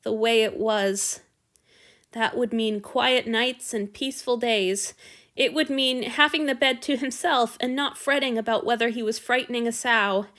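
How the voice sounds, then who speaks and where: A woman narrating a fan fiction story aloud in a steady, expressive reading. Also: on the high side, moderate pace.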